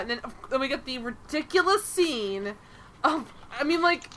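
A woman hosting a casual podcast, talking in an animated, exasperated way and swearing freely. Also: high voice, moderate pace, a little hiss or hum. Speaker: podcast host. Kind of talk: casual chat recapping a TV episode.

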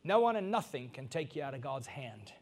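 A middle-aged African man preaches a sermon as a pastor, his medium-pitched voice very animated and brisk. He swings between soft asides and loud, emphatic peaks.

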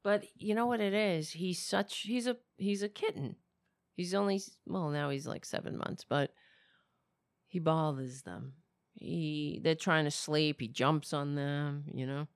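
A woman with a cracking, raspy voice, talking casually at home in a rambling, swearing vlog. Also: deep voice, a little slow, no room sound, clean studio sound. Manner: swears freely, rambles and talks to her cats.

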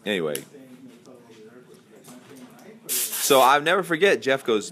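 A man's voice: lowish voice, lively intonation, moderate pace, fairly bright tone. A middle-aged man hosting a podcast, telling a long backstage story in casual chat and acting out the quoted voices. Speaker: podcast host.

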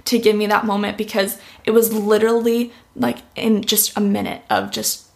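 A woman's voice: medium pitch, little pitch movement, normal speed, creaky. A young woman giving a heartfelt personal testimony in an interview, with lots of "like" fillers. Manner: heartfelt, uses "like" often. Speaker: interview guest.

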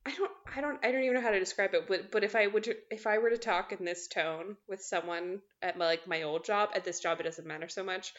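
A woman's voice: medium pitch, quick pace, few pauses, highs cut off. A young woman in her twenties co-hosting a podcast, chatting casually, laughing easily and sometimes stumbling over her words. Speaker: podcast co-host. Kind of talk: casual chat.

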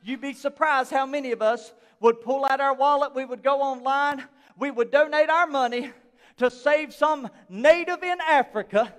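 High-voiced pastor preaching. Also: male voice, moderate pace, in a large hall. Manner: swings from quiet talk to shouted emphasis. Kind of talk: sermon. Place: church sanctuary.

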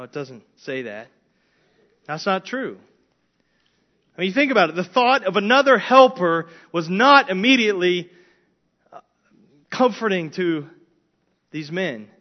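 A man's voice: high-pitched, highs cut off. A man preaching a conversational sermon as a pastor, often repeating words and asking the congregation questions.

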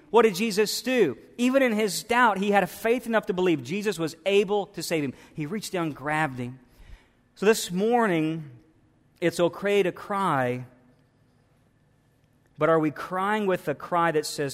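High-voiced preacher in a reverberant hall. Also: male voice, moderate pace. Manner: builds from soft reflection to loud fervent preaching. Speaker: pastor. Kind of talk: sermon. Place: church sanctuary.

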